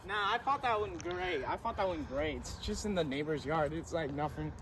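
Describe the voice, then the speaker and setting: A man joking his way through a hobby vlog, playful, excitable and self-mocking. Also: fairly high pitch, a little slow, distant mic, noisy background. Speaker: vlogger. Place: outdoors and in a workshop.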